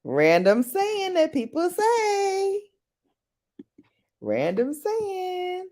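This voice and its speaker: A woman's voice: extremely high pitch, huge pitch swings, very slow, mellow. A woman hosting a casual late-night livestream on her laptop mic. She laughs often and greets viewers by name. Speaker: livestream host.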